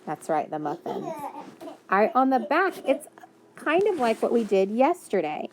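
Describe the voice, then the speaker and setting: A woman's voice: on the high side, big pitch swings, unhurried, slight background noise. A woman teaching a phonics lesson to young children, patiently sounding out words and praising answers.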